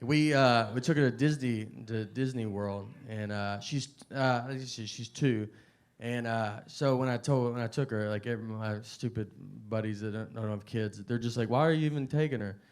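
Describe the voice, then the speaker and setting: A man in his thirties doing a slow, deadpan stand-up routine on a comedy stage, with drawled fillers. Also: mid-range voice, smooth. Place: comedy stage before a laughing audience. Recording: live show with audience noise.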